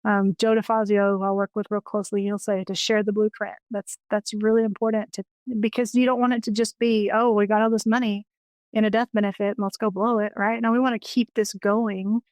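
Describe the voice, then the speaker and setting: A woman's voice: medium pitch, level tone, brisk, darkish tone, no room sound. A woman in her forties tells personal stories as a guest on an interview show. She is earnest and eager, often stops to restart a thought, and her mid-range voice has a close, dry sound. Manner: earnest and enthusiastic, with many restarts. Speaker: interview guest, financial educator.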